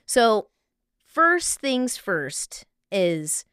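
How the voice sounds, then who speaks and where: A woman co-hosting a podcast in casual chat, lively and teasing, often laughing. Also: mid-range voice, very slow, clear, resonant tone, dry recording, studio quality. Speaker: podcast co-host.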